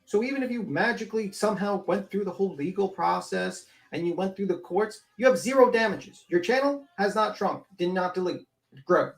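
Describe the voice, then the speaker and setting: A man's voice: sits high, expressive, a little fast, gravelly. A man hosting a commentary show, ranting bluntly and scornfully with heavy swearing. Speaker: commentary channel host.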